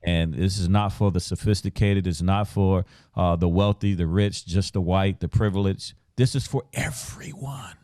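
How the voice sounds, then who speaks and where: A male podcast host with a very low, dark voice asks his guests questions. He speaks emphatically, and the sound is dry and close. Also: normal speed, few pauses, no room sound. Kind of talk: podcast interview.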